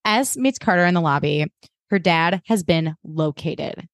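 A woman's voice: lowish voice, expressive, measured pace, dry recording. Young woman co-host, sarcastic and playful, dry close sound. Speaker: podcast co-host. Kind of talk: casual recap chat.

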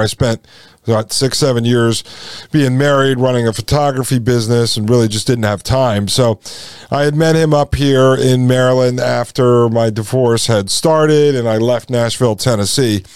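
A man's voice: medium pitch, darkish tone, clean tone, no room sound, clean studio sound. A man in his forties hosting a podcast, telling a personal story in a casual, conversational way and acting out the dialogue he quotes. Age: 40s. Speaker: podcast host.

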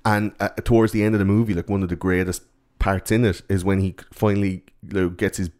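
A man chatting casually about a movie, swearing freely and acting out lines in mocking high voices. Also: fairly even intonation, quick pace, a little mellow. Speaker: podcast co-host.

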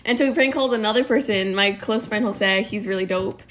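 A woman's voice: medium pitch, brisk, a bit bright, slight background noise. A young woman vlogger chatting casually and telling stories with a bubbly, laughing manner. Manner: bubbly, storytelling, laughs often. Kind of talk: casual chat.

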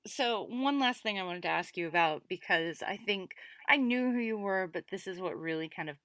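A woman's voice: medium pitch, animated, moderate pace, a bit bright, no room sound. A woman interviewing a player in a friendly, chatty way, laughing often. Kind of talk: casual interview.

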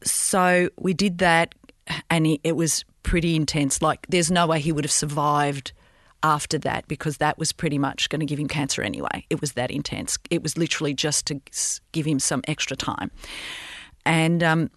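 A middle-aged woman, a mother, recounting a painful memory in an interview, halting and emotional, often restarting her sentences. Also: deep voice, steady tone, dry recording, clean studio sound. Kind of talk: personal storytelling in an interview.

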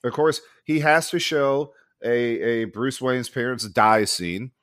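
A man co-hosting a casual podcast, giving blunt opinions with swearing and quick laughs. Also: mid-range voice, fairly bright tone, no echo, studio quality. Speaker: podcast co-host. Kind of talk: casual chat.

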